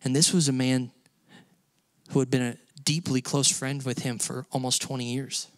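A male pastor delivers a sermon as a personal story, talking like he's chatting with the congregation before pushing into emphatic, raised lines. His voice sits at an ordinary middle pitch. The sound is dry and close, with little room around it. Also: flat delivery, normal speed, no room sound. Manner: storytelling, conversational, rising to emphatic peaks. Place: church sanctuary.

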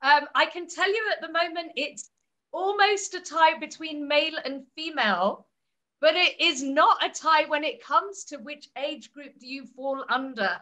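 A woman's voice: high-pitched, unhurried, pushed and bright. A woman speaking as a co-author at a book launch, explaining ideas step by step in a storytelling way.

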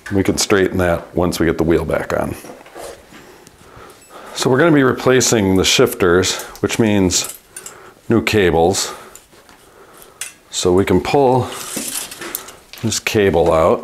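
A Midwestern man with a very low voice talks slowly through a bike repair, explaining each step in an easygoing, matter-of-fact way. Faint hiss sits under his voice in the workshop. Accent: Midwestern American. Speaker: bike mechanic. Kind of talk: casual workshop narration.

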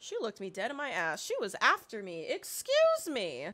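A woman giving excitable let's play commentary, repeating herself and swearing playfully as she plays. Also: on the high side, normal speed. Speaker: gaming streamer.

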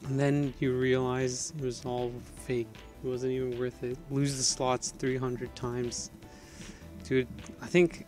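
A young man streaming a game, excitable and panicky, laughing often as he chats. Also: medium pitch, slow pace, pauses often, soft background music. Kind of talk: gaming livestream chat.

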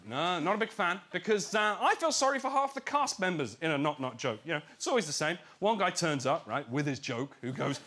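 A man doing a stand-up comedy set on a club stage, slow and deadpan between shrieked bits. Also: fairly high pitch. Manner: deadpan, slow delivery with shrieked character voices. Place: comedy club stage before a laughing crowd. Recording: loud audience noise, live club.

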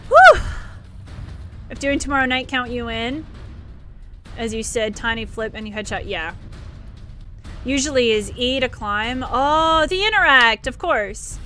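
A young woman streaming a shooter game, chatty and excitable, laughing often and talking to her viewers. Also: fairly high pitch, soft background music. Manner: excitable, chatty, quick to laugh, talks to chat. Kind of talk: live gameplay commentary.

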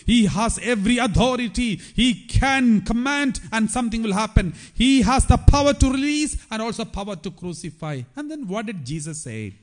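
A priest preaching a sermon, with emphatic repetition. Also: male voice, high-pitched.

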